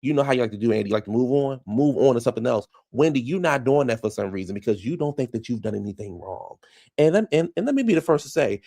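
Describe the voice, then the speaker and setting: A man's voice: mid-range voice, expressive, fast talker, vocal fry, dark tone. A man giving casual commentary, recapping reality TV in a chatty, incredulous way with lots of rhetorical questions.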